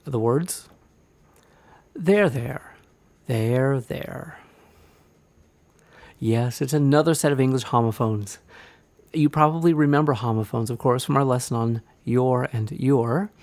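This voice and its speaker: A man from Indiana narrating a scripted writing lesson, explaining clearly and deliberately with examples. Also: medium pitch, darkish tone, dry recording. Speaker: writing instructor.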